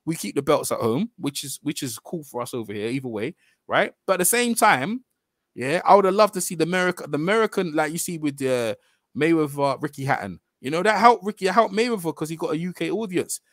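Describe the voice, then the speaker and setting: A man's voice: a little high, lively intonation, brisk, a bit bright, no echo, clean studio sound. A man hosting a live boxing chat on a video call, arguing emphatically and repeating himself. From England. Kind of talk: heated casual debate.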